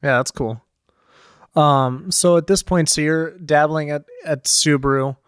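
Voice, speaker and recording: Chill podcast host guy, rambling questions, kinda high, dry sound. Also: unhurried, clean tone, no room sound. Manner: easygoing, asks meandering questions. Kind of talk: casual interview.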